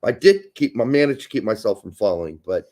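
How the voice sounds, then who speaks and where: A man co-hosting a casual podcast, ranting in a crude, animated way and swearing freely. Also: lowish voice, a little fast. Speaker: podcast co-host.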